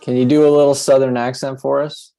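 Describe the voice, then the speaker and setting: Male host, raspy-edged voice, playful interviewer on a video call with soft music under. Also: mid-range voice, flat delivery, a little fast. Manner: laughing, teasing questions. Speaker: host of online comedy show. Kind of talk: casual hosting banter.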